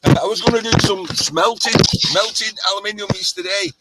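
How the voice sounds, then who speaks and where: A man's voice: sits high, a little fast, heavy background noise. A man hosting a casual livestream chat, rambling and jokey as he gets a little tipsy. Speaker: host.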